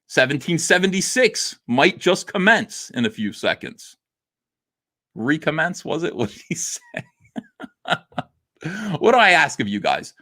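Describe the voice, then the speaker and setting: A man hosting a comics livestream, talking in a theatrical monologue that swings between quiet and loud, with frequent laughs. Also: a little high, sing-song, measured pace, long pauses.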